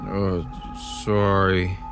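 A man's voice: deep voice, completely flat delivery, very slow, fairly bright tone, soft background music, full character voice. An actor playing a nosy male neighbor who barges in casually, then turns vacant and dim-witted, in an audio drama. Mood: dazed. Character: pushy male neighbor turning dazed and dim. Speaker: nosy trailer-park neighbor.

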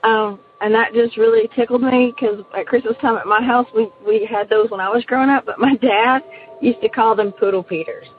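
A woman's voice: fairly high pitch, steady tone, brisk. A woman caller leaving a chatty, meandering voicemail for a podcast. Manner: chatty, meandering, many fillers. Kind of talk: recorded voicemail message. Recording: tinny phone line.

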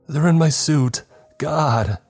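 A man's voice: low voice, normal speed, dark tone, husky, soft background music. A man voicing a terrified young male crewman calling over the radio in frantic panic. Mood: screaming panic.

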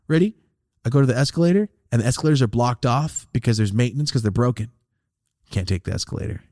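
A man hosting a podcast, telling a long rambling story in a casual, profane, animated way. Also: mid-range voice, fast, dry recording, studio quality. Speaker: podcast host.

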